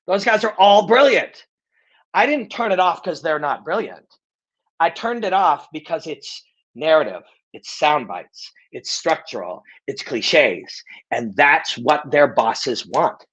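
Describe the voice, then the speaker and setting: A man's voice: a little high, sing-song, takes it slowly, fairly bright tone, breathy edge, dull audio. A middle-aged man hosting a live Q&A, speaking bluntly and emphatically, cursing freely and restating his points. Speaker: host of a live Q&A show. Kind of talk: casual live Q&A monologue.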